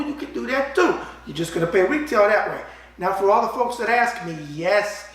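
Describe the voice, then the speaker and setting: Raspy brash New York man. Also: sits high, a bit bright. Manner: brash, catchphrase-heavy, streetwise. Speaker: boxing show host. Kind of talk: casual boxing mailbag talk.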